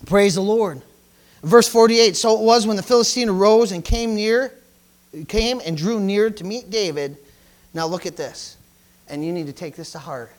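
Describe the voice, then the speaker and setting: A man's voice: high-pitched, normal speed. A male pastor preaching a fervent sermon, calling out hallelujahs and repeating lines for emphasis.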